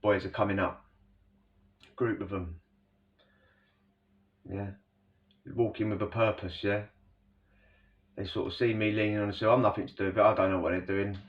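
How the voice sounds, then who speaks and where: Low-voiced man telling a rambling story. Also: fairly even intonation, normal speed, long pauses. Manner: rambling, slangy, full of "you know" asides. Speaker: storyteller recounting prison life. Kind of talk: casual spoken storytelling. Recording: distant, dull lo-fi recording.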